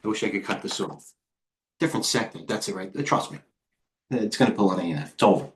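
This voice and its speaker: A middle-aged man hosting a live trading stream, talking fast and excitably as he flips through charts and speaks to viewers in the chat. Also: fairly low pitch, slight background noise. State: out of breath. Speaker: host and head trader.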